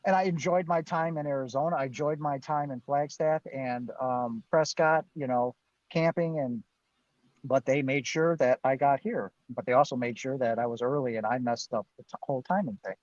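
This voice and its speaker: A man's voice: mid-range voice, moderate pace, a little mellow, no room sound, highs cut off. Earnest middle-aged man telling his story. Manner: earnest, emphatic, often adds "right?". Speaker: guest. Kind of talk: storytelling in a live-streamed interview. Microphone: video call.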